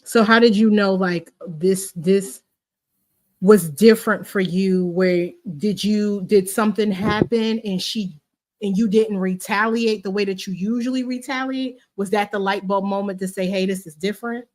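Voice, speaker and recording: A woman's voice: mid-range voice, fairly even intonation, normal speed, darkish tone. A woman hosting a podcast interview, encouraging her guest and asking reflective questions. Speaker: podcast host. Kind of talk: conversational interview.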